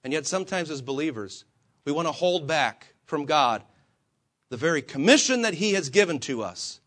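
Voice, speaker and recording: High, lively-voiced male preacher. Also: moderate pace. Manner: preaching with rising and falling emphasis, rhetorical questions; acts out quoted voices of himself and the Lord. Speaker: pastor. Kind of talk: sermon.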